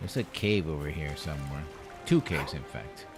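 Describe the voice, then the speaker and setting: A man's voice: rumbling low, moderate pace, music in the background. A man streaming a game live, rambling to himself with jokey asides and puns as he plays. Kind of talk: live gameplay commentary.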